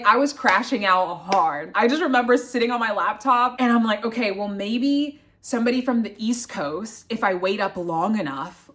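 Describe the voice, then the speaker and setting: A woman in her twenties telling a casual storytime vlog, animated and swearing, acting out her own panicked thoughts. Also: mid-range voice. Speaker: grad student storyteller.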